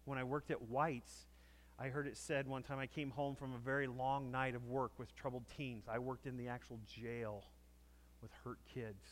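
A man's voice: medium pitch, level tone, normal speed, slight background noise. A man preaching a conversational sermon to a congregation, telling stories and acting out quotes. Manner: conversational storytelling, acts out quotes. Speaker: pastor.

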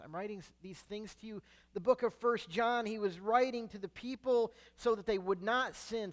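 A man preaching a sermon, emphatic, swelling loud on key words and sinking low and quiet at the ends of phrases. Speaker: pastor.

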